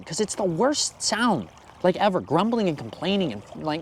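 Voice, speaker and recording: Lively, animated man preaching. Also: sits high, normal speed, a little hiss or hum. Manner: animated and conversational, with frequent "like". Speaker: Bible teacher. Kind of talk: scripture reading with sermon commentary.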